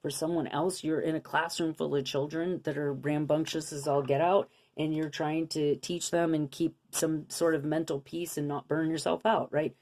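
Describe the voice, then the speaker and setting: A young woman with a low-pitched voice talks viewers through a spiritual card reading. She sounds earnest and coaching, and keeps asking rhetorical questions. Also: flat delivery, moderate pace, few pauses, darkish tone. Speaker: intuitive card reader.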